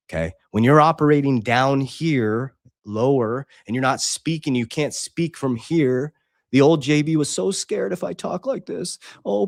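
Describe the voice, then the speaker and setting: A man's voice: medium pitch, no room sound, clean studio sound. Intense man hosting a livestream. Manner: intense, preachy, swings between loud and quiet; reads out chat comments and Bible verses. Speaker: livestream host. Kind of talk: casual livestream talk.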